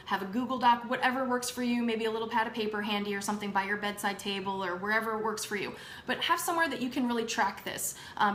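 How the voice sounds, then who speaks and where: A woman's voice: mid-range voice, a bit bright. A young woman hosting a casual livestream, upbeat and chatty with plenty of ums. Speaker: host. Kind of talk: casual livestream product talk. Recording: echoey room with faint background noise.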